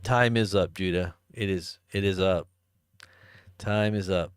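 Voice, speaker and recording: A man's voice: low-pitched, fairly even intonation, unhurried, smooth, dry recording. A man hosting a live stream, rambling in a casual, joking way and chuckling as he answers chat. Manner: rambling, chuckling, jokey asides.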